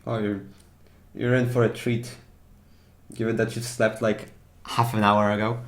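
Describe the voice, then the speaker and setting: A man's voice: on the low side, little pitch movement, measured pace. A young man narrating a tabletop game as game master, rambling with many fillers and restarts.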